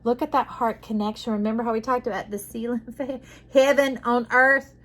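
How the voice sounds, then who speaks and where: A woman giving an intuitive tarot reading to camera. She talks soothingly, calls the listener "friend", and moves between soft hushes and emphatic bursts. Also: fairly high pitch, steady tone, brisk, low-quality recording. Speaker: tarot reader.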